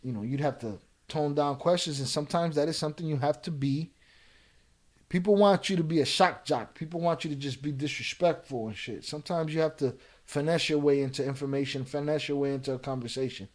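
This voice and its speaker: A man hosts his own live reaction stream, his voice sitting a little higher than most men's. He swings from laid-back explaining, full of "you know," to profane, heated comebacks at viewers in the chat. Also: fairly quick. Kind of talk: casual live-stream chat, reading and answering viewer comments.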